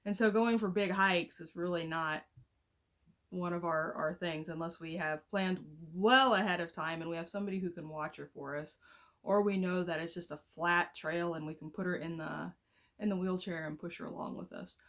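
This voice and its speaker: A woman's voice: lowish voice, moderate pace, fairly bright tone. A woman in her thirties from Missouri, chatting to camera at home in a rambling, easygoing way and laughing easily. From Missouri, US Midwest. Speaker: vlogger and family caregiver. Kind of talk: casual chat to camera. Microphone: camera mic at home.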